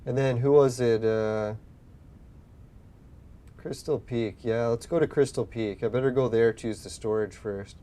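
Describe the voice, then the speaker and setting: Young male gaming host, relaxed mellow voice, rambling storyteller, swears a lot. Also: medium pitch, measured pace. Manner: rambling, swears often, acts out his own past lines. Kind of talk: casual storytelling while playing a game.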